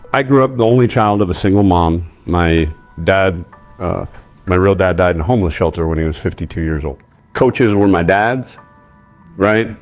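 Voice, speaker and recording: A man, a football coach, answering questions candidly and searching for words as he talks. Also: mid-range voice. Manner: candid, searching, restarts sentences. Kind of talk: casual conversation.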